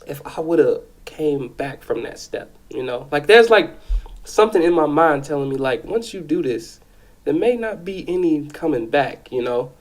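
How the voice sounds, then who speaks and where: Man, raised on the South Side, slightly high pitch, casual storytelling, animated and swearing. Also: normal speed. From South Side of Chicago. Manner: profane, animated, keeps checking in with "okay?".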